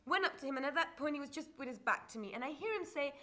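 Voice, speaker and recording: A woman's voice: sits high, lively intonation, racing, pushed and bright. An actress playing a flamboyant single woman who dramatically recounts a disastrous date on stage, swearing freely. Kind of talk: live stage comedy storytelling.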